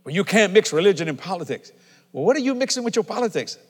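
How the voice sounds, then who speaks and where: A middle-aged male preacher with a fairly high voice delivers a folksy sermon in a church. He swings from easy conversational asides to loud, shouted declarations. His voice rings through a large hall with a long reverb tail. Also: very animated, quick pace, slightly rough.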